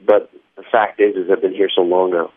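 A man's voice: deep voice, little pitch movement, fairly quick. A man reflecting casually during a phone interview, heard over a tinny phone line. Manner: reflective, musing.

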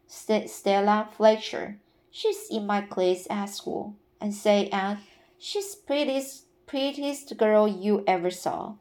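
A woman reading aloud and voicing a lively, curious little boy who asks questions insistently. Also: medium pitch, slow, natural voice. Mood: eager.

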